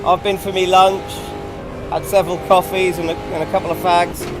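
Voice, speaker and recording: Chatty man with a high voice. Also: little pitch movement, normal speed, loud music behind the voice. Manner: chatty, rambling, reacting to the race mid-sentence. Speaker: sim racing streamer. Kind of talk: casual live-stream commentary while racing. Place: home sim racing rig.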